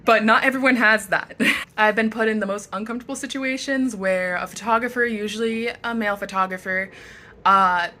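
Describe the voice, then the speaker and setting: Bright-voiced chatty young woman. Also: mid-range voice, steady tone, a little fast. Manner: chatty, upbeat, frank. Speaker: model and vlogger. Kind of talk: casual advice vlog. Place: bedroom at home.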